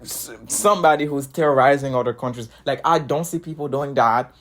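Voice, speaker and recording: Man, non-native accent, heated casual monologue, repetitive, laughs between points, mid pitch. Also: brisk. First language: not English. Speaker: commentator.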